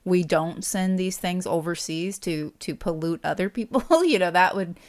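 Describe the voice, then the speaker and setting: A woman co-hosting a podcast in casual chat, laughing often and getting animated when annoyed. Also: on the low side, moderate pace. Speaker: podcast co-host.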